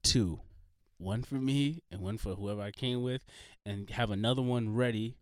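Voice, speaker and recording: A man's voice: lowish voice, normal speed, no echo, clean studio sound. A man co-hosting a casual podcast, telling laid-back stories and swearing freely. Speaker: podcast co-host. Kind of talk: casual chat.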